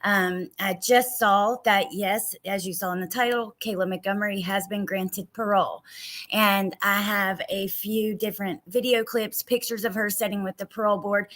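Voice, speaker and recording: A woman's voice: medium pitch, fairly even intonation, normal speed, fairly bright tone. A woman hosting a casual true crime livestream, talking a lot and greeting viewers by name, a little frustrated.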